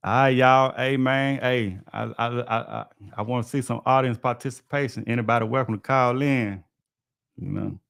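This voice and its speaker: A man's voice: mid-range voice, fairly even intonation, normal speed, creaky, a bit bright, clear, resonant tone, no room sound, clean studio sound. A man, hosting a livestream and telling stories from his trade in a laid-back, folksy way. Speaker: HVAC technician and livestream host. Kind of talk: casual livestream storytelling.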